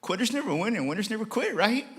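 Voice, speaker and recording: A man voicing his earnest young adult son, who urges his father on in a raised, excited voice. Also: sits high, quick pace, voice pushed up. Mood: encouraging.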